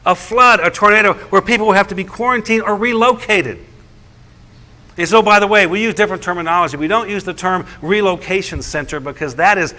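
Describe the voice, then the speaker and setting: A middle-aged man, a pastor, recounting a meeting in animated, incredulous storytelling talk. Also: high-pitched. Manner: animated, incredulous, quotes others in their voices.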